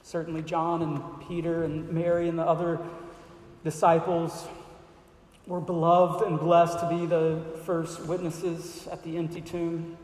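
A man's voice: on the high side, flat delivery, unhurried, a little mellow. A man pastor preaching an earnest sermon to his church and closing in prayer. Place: church hall. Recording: echoey hall with long reverb.

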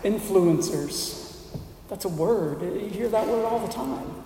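A high-voiced male pastor preaching slowly in an echoey sanctuary. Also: mellow, slight background noise. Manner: measured preaching with deliberate pauses and emphatic lists. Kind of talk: sermon. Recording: roomy hall reverb, mic at a distance.

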